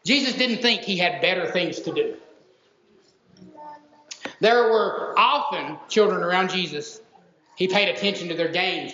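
A man's voice: high voice, a bit bright, slight background noise. A male pastor preaching a sermon, emphatic and stacking repeated words for stress. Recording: roomy echo, dull lo-fi sound.

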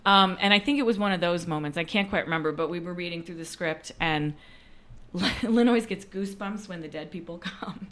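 A woman storyteller with a slightly low voice, talking in a loose, chatty way. She slips into lively bits of quoted dialogue as she recounts her story. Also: brisk. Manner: chatty, animated when acting out quotes. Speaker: storyteller and performer. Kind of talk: casual conversation.

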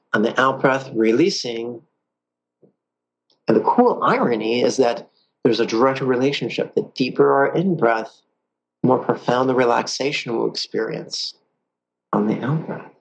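A man teaching a guided meditation lesson, calm and playful, with drawn-out pauses. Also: medium pitch, vocal fry, husky, low-quality recording.

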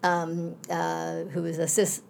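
A woman's voice: fairly low pitch, completely flat delivery, slow pace, vocal fry, a little mellow, slight background noise. A middle-aged woman professor in a conversational interview, speaking reflectively in winding asides.

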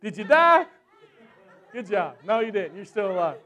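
A man preaching a sermon who tells a personal story in an animated, chatty way with lots of fillers, then closes in prayer. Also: sits high, moderate pace, some chatter behind.

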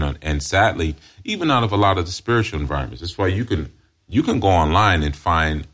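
A man teaching as a spiritual counselor in an emphatic monologue, often repeating himself and adding "you see". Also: rumbling low.

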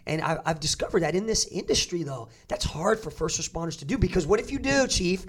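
A man with a fairly high voice hosts a casual podcast conversation. He talks quickly and earnestly, with an encouraging push. His speech runs fast and eager. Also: expressive, breathy edge. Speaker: podcast host and fitness coach.

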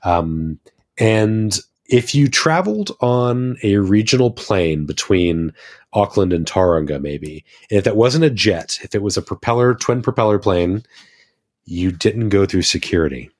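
An American man with a very low, deep voice, chatting casually on a podcast. He tells stories with enthusiasm and tends to ramble. His tone is relaxed and conversational. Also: unhurried. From United States. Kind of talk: casual chat.

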